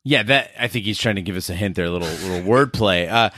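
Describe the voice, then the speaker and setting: A man's voice: sits low, fast, bright, forceful tone, no echo, studio quality. A man co-hosting a podcast in casual, easygoing chat with a wry touch. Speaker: podcast co-host.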